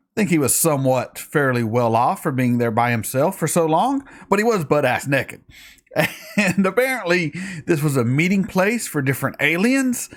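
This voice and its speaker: A man hosting a reaction video, recapping an episode in a fast, rambling, excitable way while tired from a night shift. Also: mid-range voice.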